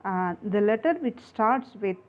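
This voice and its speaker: A woman teaching an English grammar lesson online, explaining slowly and repeating herself with many fillers. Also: mid-range voice. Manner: slow, repetitive explaining with many fillers and restarts. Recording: phone-like narrow sound.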